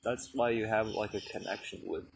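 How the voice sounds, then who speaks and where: A man's voice: fairly low pitch, fairly even intonation, creaky, slight background noise, low-quality recording. A young man co-hosting a podcast in casual chat, rambling and musing, laughing often. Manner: slow, rambling, giggly, musing. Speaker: podcast co-host.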